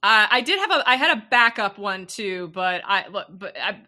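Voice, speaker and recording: A woman's voice: mid-range voice, lively intonation, moderate pace, sharp tone. A woman chatting as a podcast guest, giggly and thinking aloud as she talks. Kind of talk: casual podcast chat.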